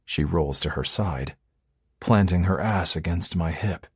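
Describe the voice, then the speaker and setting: A man reading a first-person romance audiobook in a husky, fairly low voice. His delivery is expressive and intimate, swinging lively in pitch, recorded close and dry. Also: unhurried, no echo. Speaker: audiobook narrator.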